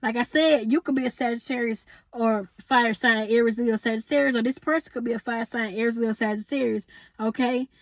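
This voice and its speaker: Sassy high-voiced woman tarot reader. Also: steady tone, brisk, no echo. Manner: sassy, chatty, calls viewers honey and boo; laughs often, asks spirit aloud. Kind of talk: casual tarot reading to viewers.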